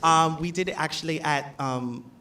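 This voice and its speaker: A man's voice: on the high side, moderate pace. A man on a fan meetup panel, talking in an apologetic, self-deprecating way. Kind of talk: casual panel talk. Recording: distant mic with crowd noise.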